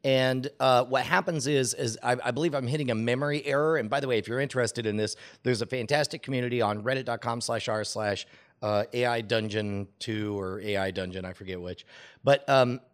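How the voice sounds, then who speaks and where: A man's voice: medium pitch, brisk. A man co-hosting a casual tech podcast, talking animatedly and laughing as he recounts a game. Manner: animated, laughing, reads game text aloud with rising excitement. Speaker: podcast co-host.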